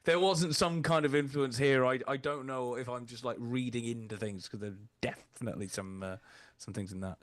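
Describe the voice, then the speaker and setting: A man's voice: medium pitch, fairly even intonation, fairly quick, hardly any pauses, no room sound. A man co-hosting a podcast, chatting casually about films and hesitating and repeating words as he works out his thoughts. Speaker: podcast co-host. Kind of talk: casual film discussion.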